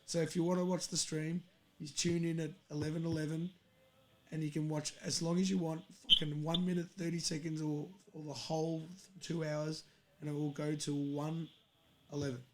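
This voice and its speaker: A young man hosting a livestream, talking in a rambling, sweary, excitable way. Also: a little high, normal speed. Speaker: livestream host. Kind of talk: casual livestream chat.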